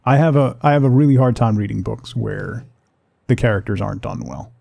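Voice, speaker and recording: A man chatting casually with his viewers while playing a game on a livestream, relaxed and rambling. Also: lowish voice, brisk, creaky, no echo. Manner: relaxed, rambling, talks to chat. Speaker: streamer.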